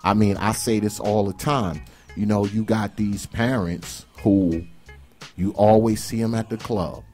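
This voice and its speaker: A man talking in a casual roundtable discussion, emphatic and repetitive, sometimes rising to loud outbursts. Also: lowish voice, steady tone, a little slow, faint music behind. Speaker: podcast host.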